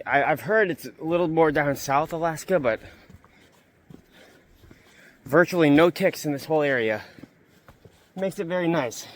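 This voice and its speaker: A young man vlogging as he hikes up a mountain trail. He is out of breath and chatty, and he repeats himself when something excites him. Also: on the high side. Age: young adult. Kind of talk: casual hiking vlog.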